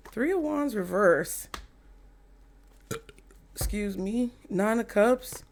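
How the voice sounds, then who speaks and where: A woman's voice: a little high, lively intonation, drawn-out words, pauses often, slight background noise. A woman giving a casual tarot reading in a chatty way. She swears freely, restarts her sentences and trails off. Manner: chatty, swears freely, acts out quotes in mock voices; stops to laugh, trails off, restarts. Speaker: tarot reader.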